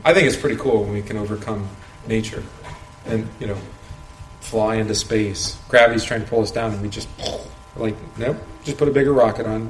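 A man leading an informal Bible study, talking conversationally, asking rhetorical questions and chuckling often. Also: medium pitch. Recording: roomy echo, faint background noise.

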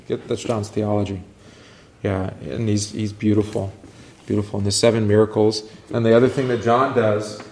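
In a classroom, a man leads a casual Bible class, wandering off topic a bit and quizzing his students, getting lively whenever he quotes scripture. His voice is fairly low, the room sounds spacious, and there's a faint hiss or hum.

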